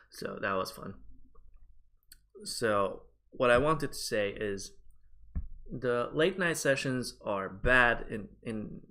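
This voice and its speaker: A man's voice: lowish voice, bright, forceful tone. A man talking to his viewers in a loose, rambling vlog, chatty and swearing casually. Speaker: streamer and vlogger.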